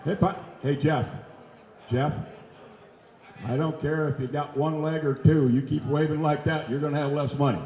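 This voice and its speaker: A man auctioneer on stage, rattling off bids in a quick rhythmic chant and teasing bidders in the crowd. His voice sits a bit high and bounces around a large echoing hall. The sound is slightly dull, like a live broadcast feed. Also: fairly even intonation. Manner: rapid rhythmic bid calling with jokes to the crowd. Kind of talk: live charity auction calling. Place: large event center stage.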